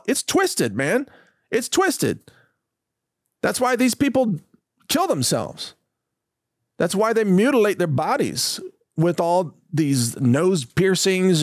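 A male host rants with emphatic indignation and mockery in a voice that sits fairly high. The sound is close and dry, with no room around it. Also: no echo. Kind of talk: ranting monologue.

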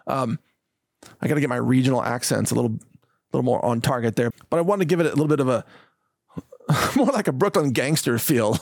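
A man's voice: mid-range voice, moderate pace, creaky, long pauses, a little mellow, no echo, clean studio sound. A man hosting his own show, delivering an emphatic, indignant, mocking monologue. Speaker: host. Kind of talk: ranting monologue.

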